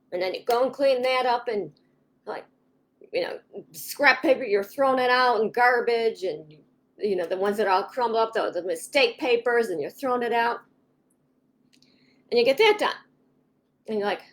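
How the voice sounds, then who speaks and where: A woman's voice: fairly high pitch, lively intonation, normal speed, pauses often. A woman hosting a casual live stream on home organizing, talking directly to her viewers in a chatty, rambling way, often restarting sentences and acting out everyday thoughts. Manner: chatty, rambling, frequent restarts and acted-out inner monologue. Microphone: webcam or phone in a home office.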